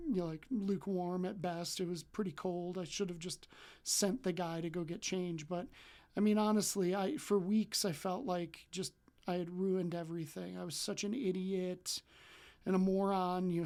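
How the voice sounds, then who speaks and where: A man in his forties from Wisconsin, a coach telling a personal story in a loose, chatty way, full of ums and likes, and acting out remembered dialogue. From Wisconsin, USA. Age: 40s. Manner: acts out remembered dialogue with jumps in pitch and loudness. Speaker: relationship coach.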